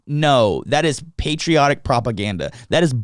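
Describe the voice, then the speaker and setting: A man's voice: mid-range voice, lively intonation, moderate pace, smooth, no room sound, clean studio sound. A young man co-hosting a podcast, ranting with profanity in casual chat and mocking others in put-on voices. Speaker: podcast co-host.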